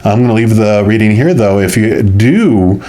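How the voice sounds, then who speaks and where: A man giving a weekly tarot reading to viewers, musing in a soft, loose way with lots of filler phrases. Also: lowish voice, animated, moderate pace. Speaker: tarot reader.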